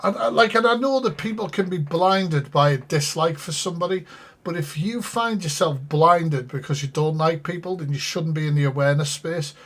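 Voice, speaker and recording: Streamer, fairly high voice, blunt and sweary, talks straight to his chat. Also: normal speed, fairly bright tone. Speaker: streamer reacting to a live stream. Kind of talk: live reaction commentary.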